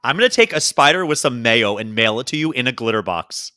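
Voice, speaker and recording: A man chatting on a comedy podcast, animated and quick to act out other people's lines. His tone is bright and clear. His pitch swings widely, and the sound is dry and close to the mic. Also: dry recording. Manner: animated storyteller, acts out quotes. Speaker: podcast co-host. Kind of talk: casual comedy podcast chat.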